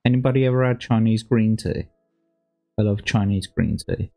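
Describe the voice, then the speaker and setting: A man streams casual commentary in a lowish voice, rambling, swearing freely and dropping slang as he goes. Faint music plays under his talk. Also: normal speed, gravelly, a little mellow. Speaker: streamer reacting to old adverts.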